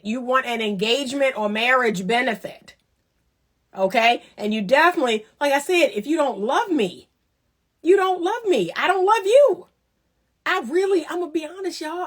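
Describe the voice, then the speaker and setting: Animated woman giving blunt dating advice. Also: sits high. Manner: animated, preachy and teasing, acts out voices. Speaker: relationship talk host. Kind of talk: casual advice monologue.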